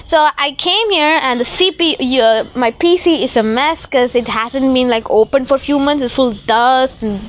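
A woman's voice: high voice, moderate pace, hardly any pauses, slight background noise. A young woman tells a rambling storytime vlog on a rooftop at night. She swears casually and acts out the voices of people she quotes. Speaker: vlogger.

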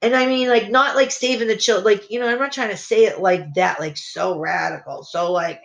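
A woman's voice: fairly low pitch, fairly quick, hardly any pauses, rough recording. Fiery, profane woman ranting. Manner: fiery, profane, rambling with many restarts. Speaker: podcast host. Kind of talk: casual profane rant to listeners.

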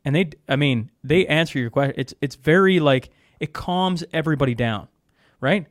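Animated Canadian man, casual chat. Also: on the high side, moderate pace, no echo, studio quality. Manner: animated storytelling, mimics phone systems.

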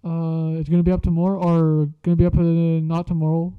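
A man's voice: a little high, monotone, a little fast, clean tone, no echo. Profane, rambling young man, muffled. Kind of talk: casual storytelling vlog. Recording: dry muffled lo-fi recording.

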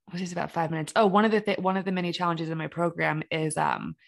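A woman's voice: fairly low pitch, steady tone, fast, creaky. A woman in her thirties co-hosting a podcast, chatting casually and telling stories with lots of fillers. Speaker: podcast co-host. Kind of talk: casual chat.

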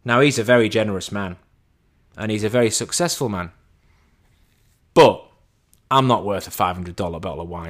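Chatty man telling an animated story. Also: lowish voice, moderate pace, pauses often. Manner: animated, acts out quoted dialogue in a raised voice; chatty, self-deprecating, many restarts. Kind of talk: casual storytelling monologue.

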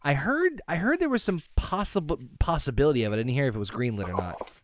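A young man chats on a podcast, telling anecdotes with many fillers. His pitch swoops around in an animated way. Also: fast talker. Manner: storytelling with lots of fillers and laughs. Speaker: podcast co-host. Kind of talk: casual chat.

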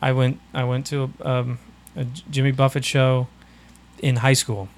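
A man's voice: medium pitch, little pitch movement, normal speed. Laid-back male podcast host telling stories. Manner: laid-back storytelling, laughs often. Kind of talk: casual chat.

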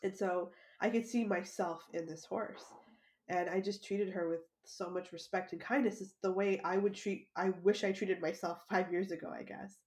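A woman's voice: fairly low pitch, fairly even intonation, moderate pace, darkish tone. A woman hosting a podcast, telling a personal story in a casual, chatty way, with frequent laughter and plenty of "like" as filler. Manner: chatty, laughs often, lots of "like". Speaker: podcast host.

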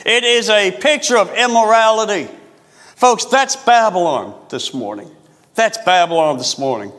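A male pastor preaching a sermon, repeating phrases for emphasis and stretching key words slowly. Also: high-pitched, lively intonation, a bit bright, long reverb tail.

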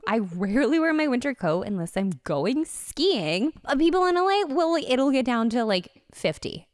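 A woman's voice: high voice, big pitch swings, moderate pace, dry recording, studio quality. A young woman from Connecticut, a personal trainer co-hosting a podcast, chatting playfully and teasing with frequent laughs. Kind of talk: casual chat.

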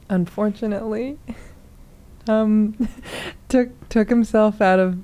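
A young woman co-hosting a radio show in casual studio chat, giggling and filling pauses with um and like. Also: mid-range voice, fairly even intonation, dark tone. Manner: giggly, many fillers.

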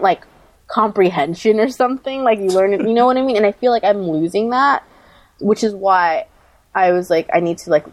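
A woman in casual conversation, talking in a loose, chatty way full of fillers and quick laughs. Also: on the low side, darkish tone, no room sound, poor audio. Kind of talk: casual chat.

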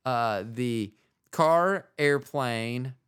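Smooth-voiced man, rambling podcast host. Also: medium pitch, extremely slow, a bit bright. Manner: rambling, joking, trails off mid-sentence. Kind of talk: casual comedic chat.

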